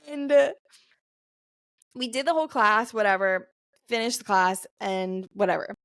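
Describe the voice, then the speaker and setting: A woman's voice: medium pitch, slow, pauses often, clean tone, no echo, clean studio sound. Chatty young woman telling a story. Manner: chatty, lots of "like" fillers, laughs often. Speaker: podcast co-host. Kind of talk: casual storytelling chat.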